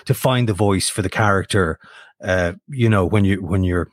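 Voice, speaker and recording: Irish male voice actor guest, low-pitched, anecdotal and self-deprecating, dry close mic. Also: moderate pace, no echo. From Ireland. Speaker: voice actor and audiobook narrator guest. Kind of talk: casual interview chat.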